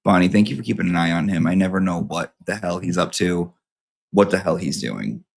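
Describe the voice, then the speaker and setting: A man's voice: sits low, fairly quick, vocal fry, husky. A man hosting his channel, chatting casually and campily to his viewers, reading out their emails with sassy asides and plenty of swearing. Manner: campy, sassy, swears freely, lots of asides. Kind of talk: casual chat to a live audience.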